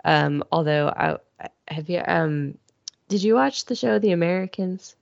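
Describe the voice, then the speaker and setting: A woman's voice: on the low side, animated, moderate pace, gravelly, dry recording. A woman co-hosting a podcast, talking casually and hesitantly, with many restarts. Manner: hesitant, restarts a lot, chuckles. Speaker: podcast co-host. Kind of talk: casual chat. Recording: dull lo-fi sound, dry.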